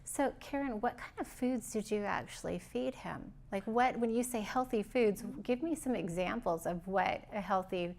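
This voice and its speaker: Woman host with a gravelly fry, curious, keeps asking follow-ups. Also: medium pitch, moderate pace, few pauses, a little mellow. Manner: curious, responsive, asks follow-up questions. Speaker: interviewer host. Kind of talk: conversational interview.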